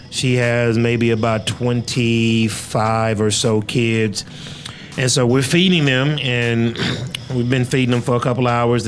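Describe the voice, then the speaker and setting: A man hosting a podcast, chatting casually and telling stories, often hunting for words with fillers. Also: mid-range voice. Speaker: podcast host. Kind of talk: casual interview chat with storytelling.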